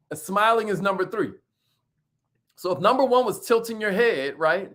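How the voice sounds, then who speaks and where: High-voiced, preacher-like motivational man. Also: normal speed. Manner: preacher-like call-and-response with the audience; lively, emphatic and repetitive. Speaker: motivational host. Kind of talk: energetic motivational talk.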